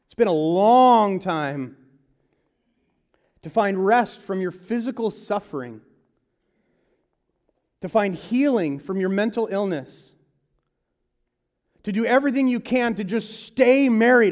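Animated high-voiced male preacher. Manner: animated preaching, swinging from loud to hushed; mimics salesmen and advisers in quick asides. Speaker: pastor. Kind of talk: sermon.

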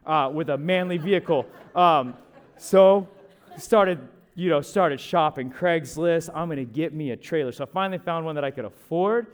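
A young man, a pastor, telling a chatty, animated story from the pulpit, with asides to the listeners. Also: a little high, moderate pace. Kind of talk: storytelling sermon.

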